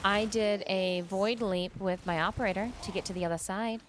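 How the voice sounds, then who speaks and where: A woman's voice: medium pitch, fairly even intonation, normal speed, slight background noise. A woman chatting casually while streaming a video game, laughing often and rambling into asides at her desk mic. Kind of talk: casual chat while gaming.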